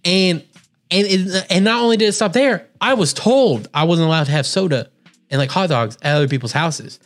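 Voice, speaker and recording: A man's voice: high-pitched, normal speed. A young man co-hosting a casual podcast, telling rambling stories in a laid-back, profane way. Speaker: podcast co-host. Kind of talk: casual chat.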